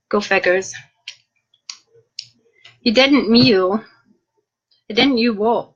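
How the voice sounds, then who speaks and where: Young woman author, cheeky and chatty on a live feed; bright, tense voice pitched a bit high, dull lo-fi sound. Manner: cheeky, chatty, self-mocking. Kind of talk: live video chat reading out viewer comments. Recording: dull lo-fi live stream audio.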